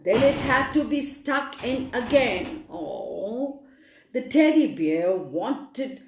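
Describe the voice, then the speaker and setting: Woman storyteller, slightly high voice, unhurried expressive reading, echoey room. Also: slight background noise. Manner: expressive, animated reading with sound effects. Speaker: children's storyteller. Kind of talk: reading a children's story aloud.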